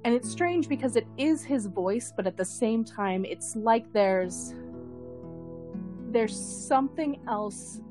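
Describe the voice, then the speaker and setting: A woman narrating a tabletop role-playing scene as game master, unhurried, thinking aloud with frequent fillers and repeated words. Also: a little high, animated, music in the background.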